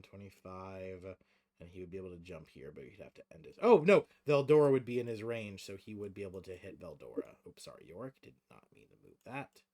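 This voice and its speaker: A man's voice: on the low side, darkish tone. A man running a tabletop role-playing game on a stream, muttering dice rolls and rules and then narrating monster scenes vividly. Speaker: game master.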